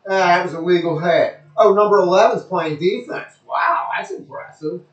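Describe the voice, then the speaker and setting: A man's voice: high-pitched, moderate pace, echoey room, muffled recording. A man giving a rambling, crude, joking play-by-play of a televised football game, repeating himself often. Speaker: amateur commentator.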